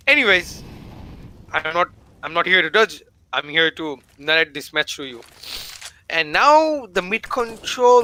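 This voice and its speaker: A young man calling a live esports match play-by-play in a casual, excitable way. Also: high-pitched. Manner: excitable, casual, says "bro" to the audience. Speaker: esports caster.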